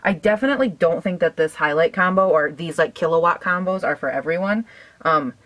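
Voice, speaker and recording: Doing her makeup, a young woman in her twenties, a beauty vlogger, chats away in a lowish, fairly quick, slightly bright voice. She giggles frequently and fills her speech with "like" and "um."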